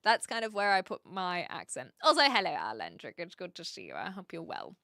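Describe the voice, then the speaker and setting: A woman with a New Zealand accent chatting casually with viewers on a live stream, thinking aloud and often pausing to hunt for the right word. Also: on the low side, huge pitch swings, vocal fry, bright, forceful tone, dry recording, studio quality.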